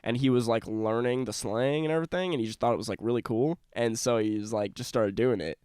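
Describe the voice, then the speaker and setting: A young man co-hosting a podcast in casual chat, rambling with lots of filler words and laughing often, a little hoarse from a cold. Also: medium pitch, fast talker, darkish tone, dry recording, studio quality. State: slight cough from a cold. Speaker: podcast co-host.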